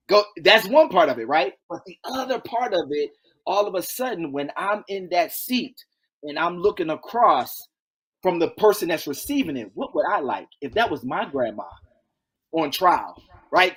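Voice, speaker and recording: A man as an interview guest, telling stories in a lively, folksy way, acting out quotes and repeating key phrases. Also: high voice, normal speed, husky. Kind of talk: animated interview storytelling.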